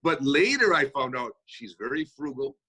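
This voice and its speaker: A man answering audience questions in a motivational Q&A over a video call, talking fast in a folksy, energetic manner. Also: mid-range voice, husky. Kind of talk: motivational Q&A talk.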